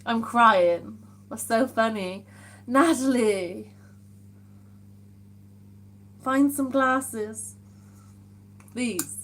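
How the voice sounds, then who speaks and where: A woman's voice: fairly high pitch, extremely slow, a bit bright. A woman hosting a casual live stream from home, reading viewer comments aloud and reacting with amused exclamations. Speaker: livestream host.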